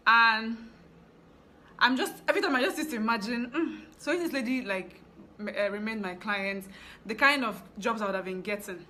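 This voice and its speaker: Bright chatty Nigerian woman storyteller. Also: on the high side, normal speed, a little hiss or hum. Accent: Nigerian English. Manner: chatty, animated storytelling with asides. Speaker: fashion business owner vlogger. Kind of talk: casual storytelling vlog.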